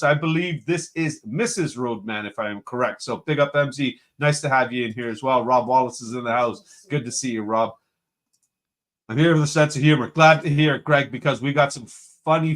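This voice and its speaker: A man's voice: medium pitch, a little fast, a bit bright. A man hosting a casual live-stream show from home, cheerfully greeting chat viewers one after another. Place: home room with a computer.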